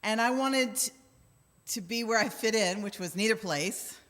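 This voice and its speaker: A woman's voice: fairly high pitch, moderate pace, a bit bright. A middle-aged woman minister telling wry, self-deprecating stories in a conversational sermon, acting out the quotes. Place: church sanctuary. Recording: long church hall reverb.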